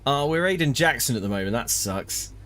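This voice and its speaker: A man's voice: mid-range voice, expressive, brisk, fairly bright tone. A man casually live-streaming a racing game, greeting chat and joking in a mock-grandiose way.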